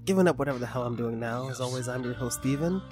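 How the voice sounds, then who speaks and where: A man's voice: medium pitch, quick pace, music in the background. A man hosting a podcast in casual chat, tipsy, rambling and joking loosely. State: drunk. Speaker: podcast host.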